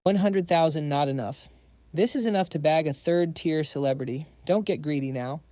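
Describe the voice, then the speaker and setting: A man's voice: fairly high pitch, moderate pace, dark tone, no room sound, clean studio sound, natural voice. A man voicing a sleazy, spoiled young heir who leers and boasts in a recap story. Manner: leering, boastful.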